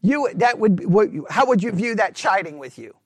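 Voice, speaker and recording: A man delivering a sermon as a Bible study teacher, his voice sitting high for a man. He talks in an animated, self-mocking way, peppering points with "right?" to the room. The sound is dry and close. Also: normal speed, no echo. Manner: frequent "right?" check-ins with listeners.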